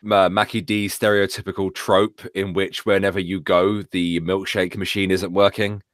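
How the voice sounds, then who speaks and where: A man's voice: low-pitched, little pitch movement, normal speed, a bit bright, no echo, clean studio sound. A young British man chatting casually as co-host, stammering and jokey. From Britain. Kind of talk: casual chat.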